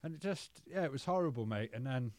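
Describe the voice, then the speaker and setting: Male podcast guest, casual and candid, rambling and swearing, normal pitch, recorded dry. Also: lively intonation, fast talker, a little mellow, no echo. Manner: peppers speech with "mate" and swearing; loose, rambling with restarts.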